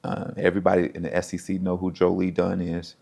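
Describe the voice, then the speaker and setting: A man's voice: sits low, quick pace, creaky. A middle-aged American man, a former pro football player, telling stories from his life and acting out the voices of the people in them. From United States. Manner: animated storyteller, acts out quoted voices. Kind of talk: casual storytelling.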